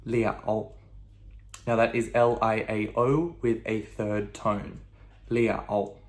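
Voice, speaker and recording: A man teaching a video lesson, patient, saying "okay?" again and again and loudly stressing tones. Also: fairly low pitch, steady tone, unhurried. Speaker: language teacher.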